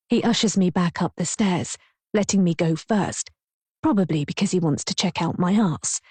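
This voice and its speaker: A woman's voice: on the low side, moderate pace, a little mellow, breathy edge, dry recording. A woman narrating a first-person audiobook in a wry, mocking tone.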